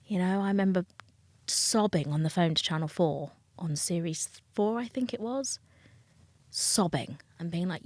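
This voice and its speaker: A woman's voice: lowish voice, moderate pace, a little mellow, no room sound. A middle-aged British woman, a dating coach, speaking frankly and emotionally in an interview, acting out other people's voices. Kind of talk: candid interview talk.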